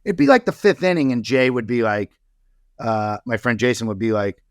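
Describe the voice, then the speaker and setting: A man's voice: mid-range voice, sing-song, moderate pace, no room sound, clean studio sound. Rambling man telling stories on a podcast. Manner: rambling storyteller, many fillers. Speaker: podcast guest. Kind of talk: casual chat.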